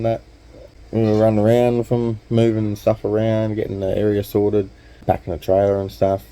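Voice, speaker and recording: Australian man, casual storytelling, deep-ish voice, very mellow tone. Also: completely flat delivery, normal speed, long pauses, low-quality recording. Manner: laid-back, chatty, slangy. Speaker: vlogger.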